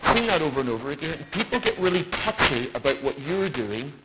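A man's voice: a little high, sing-song, quick pace. A man preaching a bible study sermon in an emphatic way, with rhetorical questions. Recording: loud background noise.

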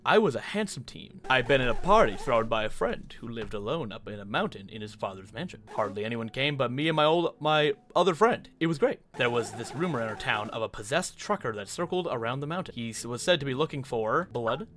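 A man putting on a dramatic ghost teen desk clerk; bright and fast, overly polite, for a game dub. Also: mid-range voice, animated, lightly acted. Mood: storytelling. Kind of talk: reading game dialogue aloud.

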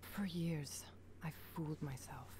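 An actress playing a remorseful middle-aged mother who left her sons, speaking softly in a half-whisper in video game dialogue. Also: low voice, fairly even intonation, unhurried. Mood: regretful. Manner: soft, hushed, half-whispered delivery. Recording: game audio with clear background noise.

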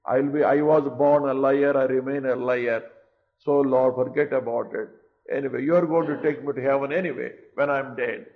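A man voicing a weak-willed king who pleads and bargains with God to escape his vow, speaking lower and quieter than his preaching voice. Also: steady tone, normal speed, natural voice. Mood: wheedling, pleading. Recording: dull lo-fi recording.

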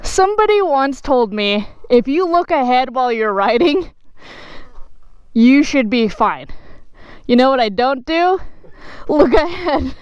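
A woman's voice: high-pitched, big pitch swings, unhurried, long pauses, smooth, dry recording, highs cut off. Laughing woman on a dirt bike. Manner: self-mocking, laughs a lot. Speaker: motovlogger. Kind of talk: casual vlog chat while dirt biking. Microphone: helmet camera mic.

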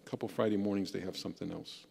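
A man's voice: low voice, fairly even intonation, rapid-fire, gravelly, warm tone, husky. A man preaching a Sunday homily as a deacon, earnest and plainly telling a story. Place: church. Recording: long church reverb.

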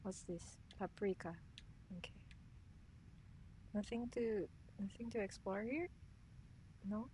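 Jumpy woman streamer, slow talk. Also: mid-range voice, darkish tone, slight background noise. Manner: jumpy, talks to herself, scared outbursts. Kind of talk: horror game let's play commentary.

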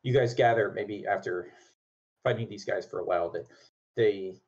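Low husky man running a tabletop game. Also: moderate pace, muffled recording. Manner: relaxed, hesitant, many ums and likes. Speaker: game master.

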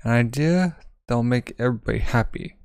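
A man voicing a cocky, excitable teenage boy who talks in pushy, upbeat slang. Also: medium pitch, moderate pace, smooth, dry recording, close to an everyday voice. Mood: coaxing.

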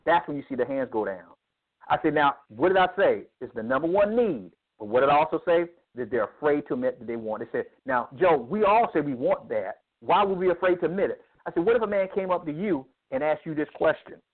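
Male guest speaker, lively preacher-style delivery, heard down a phone line. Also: fairly high pitch, fairly quick. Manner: emphatic, preacherly, acts out dialogue. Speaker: guest speaker on men's ministry. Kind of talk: animated interview storytelling.

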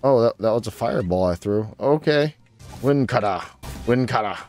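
A young man narrating his gameplay in a relaxed, joking way, his low voice swinging up into sudden excited squeaks. Faint music plays beneath him as he chats to his on-screen creatures. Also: moderate pace. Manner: playful, talks to his creatures, sudden excited jumps in pitch. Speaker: gaming channel host. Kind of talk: casual gameplay commentary.

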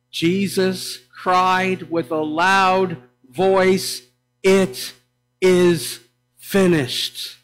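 Slow, high-voiced man preaching. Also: a little hiss or hum, low-quality recording. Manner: dramatic pauses and emphatic declarations; swings between loud proclaiming and hushed low delivery. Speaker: pastor. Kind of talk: sermon. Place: church sanctuary.

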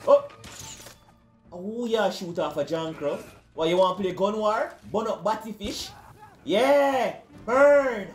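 A young man gives rowdy, slang-heavy commentary while he plays. His voice sits high and swings widely in pitch. The recording is roomy, with faint game music behind him. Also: lively intonation, measured pace. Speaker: gaming video creator. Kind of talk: gameplay commentary.

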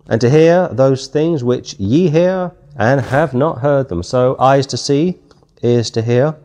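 A man with a British accent leads a Bible study sermon in an easy, conversational way. He moves between chatty asides and aloud readings of old-style scripture. His voice sits at a middling pitch. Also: darkish tone. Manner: conversational, reads scripture aloud in King James wording. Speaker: Bible teacher.

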